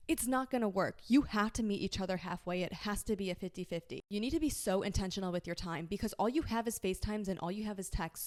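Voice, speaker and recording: A woman hosting a podcast talks through listener questions in a frank, casual way. She is emphatic and reassuring and swears without holding back. Her voice sits at an ordinary middle pitch. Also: darkish tone. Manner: candid, frank, swears freely. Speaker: podcast host. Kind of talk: casual advice chat.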